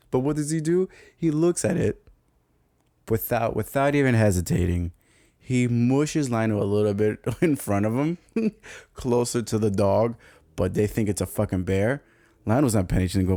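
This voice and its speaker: A young man with a New York accent, telling a camping story as a podcast host in a loose, profane, animated way, laughing often. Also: fairly low pitch, no echo, studio quality. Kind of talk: casual storytelling monologue.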